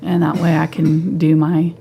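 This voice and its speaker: A woman giving a live painting tutorial at home, relaxed and thinking aloud as she paints. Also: low-pitched, unhurried, vocal fry, slight background noise. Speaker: painting instructor.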